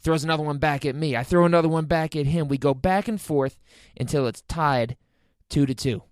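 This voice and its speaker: A man hosting a podcast, telling a comic personal story in an animated, incredulous, self-mocking way. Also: a little high, brisk, no echo, clean studio sound. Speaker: podcast host.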